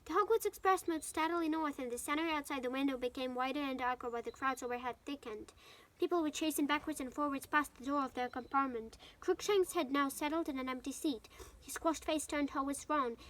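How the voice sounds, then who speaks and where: A woman whose first language is Ukrainian reads a novel aloud in English like a storybook reader, sometimes slipping and starting over. Her voice is high, brisk and a bit bright.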